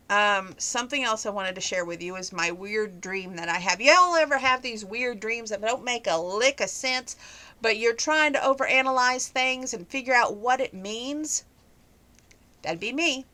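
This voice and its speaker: A woman talks through her day in a relaxed, rambling vlog, leaving a story behind to chase a side thought. Her voice is bright and clear, with a touch of congestion from acting-up sinuses. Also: medium pitch. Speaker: vlogger. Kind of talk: casual daily vlog.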